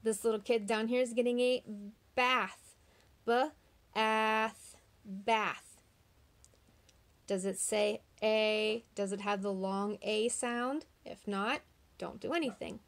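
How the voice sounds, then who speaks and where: Slow, patient woman teacher, sounding out words. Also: medium pitch. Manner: patient, encouraging questions to children. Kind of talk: online phonics lesson for young children.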